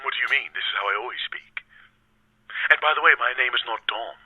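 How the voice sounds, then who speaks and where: A man's voice: medium pitch, quick pace, heavy background noise, natural voice. A man putting on a stiff, innocent-sounding English-accented caller in a comedy skit, heard over a muffled phone-like line. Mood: mock innocent. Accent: put-on English.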